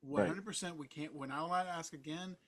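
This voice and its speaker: A man co-hosting a sports podcast who argues his point in an emphatic, deliberate way during casual chat. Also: a little high, a bit bright. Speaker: podcast co-host.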